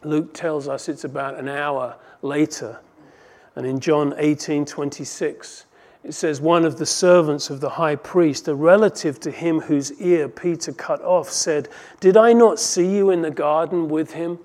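A man preaching an expository sermon, reading scripture aloud and moving between emphatic and hushed delivery. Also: on the high side, steady tone, measured pace.

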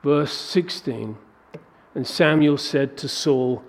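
A man preaching a sermon, working through a scripture passage with animated rhetorical questions. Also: fairly high pitch, slow pace. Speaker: pastor.

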